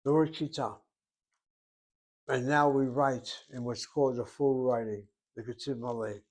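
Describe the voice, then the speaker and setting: A man's voice: mid-range voice, fairly even intonation, measured pace. Methodical man teaching Hebrew grammar. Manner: methodical, repeats key terms, explains step by step. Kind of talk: grammar lesson.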